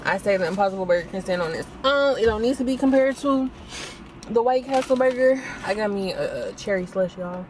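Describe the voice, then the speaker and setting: A woman's voice: medium pitch, fairly quick, a little hiss or hum. A young woman, chatting casually to viewers as she reviews food in a car on her phone. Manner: chatty, animated, talks to viewers as y'all. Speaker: vlogger.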